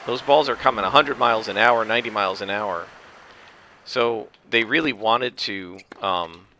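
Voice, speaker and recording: A man giving casual commentary over his own tennis game, explaining the rules at length and rambling with restarts and throat clearing. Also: medium pitch, sharp tone, slight background noise. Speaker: gameplay commentator. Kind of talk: casual let's-play commentary.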